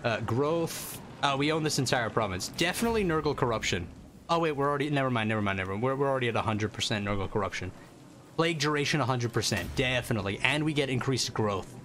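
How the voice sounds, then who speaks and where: A man with a Northern English accent giving casual, animated commentary on a livestream, swearing freely and laughing often. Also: mid-range voice, fast talker, a little hiss or hum. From northern England. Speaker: streamer.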